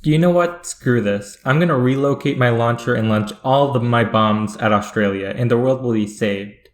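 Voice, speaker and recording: A man doing deadpan, mock-serious scripted satirical narration as a comedic history YouTuber. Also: medium pitch, moderate pace. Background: faint guitar music.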